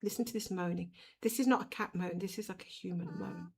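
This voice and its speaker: A middle-aged woman hosts a cross-stitch livestream from her home, talking bluntly to viewers and cooing at her cat. Her voice sits low with a gravelly, husky edge. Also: fairly quick. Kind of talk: casual chat while stitching. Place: home room.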